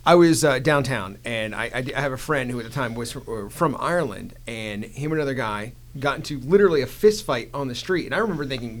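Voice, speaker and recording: A man's voice: mid-range voice, expressive, fast, hardly any pauses. A man co-hosting a casual chat, asking questions with stammered restarts and telling stories.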